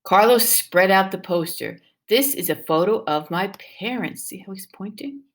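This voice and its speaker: A woman's voice: mid-range voice, moderate pace. A woman teaching first grade, reading a picture book aloud to young children and coaxing them with questions. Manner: animated and encouraging, with exaggerated questions to the class.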